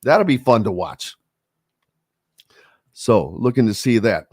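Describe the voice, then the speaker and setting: A man's voice: fairly low pitch, big pitch swings, slow, slightly rough. A man hosting a sports radio show, speaking in a rambling casual way with lots of fillers and restarts.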